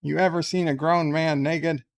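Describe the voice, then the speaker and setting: A man voicing a scheming, blunt starship captain who mocks and shouts down a young crewman in a comic skit. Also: a little high, steady tone, moderate pace, gravelly. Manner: brash, mocking, loud outbursts.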